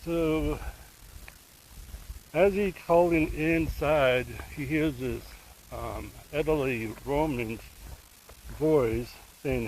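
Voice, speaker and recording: A man's voice: a little high, very slow, long pauses, a little mellow, slight background noise, rough recording. A man casually retelling a true crime case, rambling and emotionally invested, with asides to the viewer. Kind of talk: casual storytelling.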